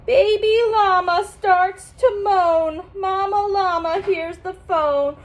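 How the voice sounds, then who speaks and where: A woman with a very high voice reads a children's picture book aloud slowly, in a sing-song, teacherly manner. She pauses to explain words to her young listeners.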